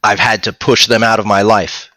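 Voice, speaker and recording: A man's voice: lowish voice, level tone, moderate pace, pushed and bright, dry recording. A man chatting casually on a livestream about narrating audiobooks, rambling with restarts and fillers.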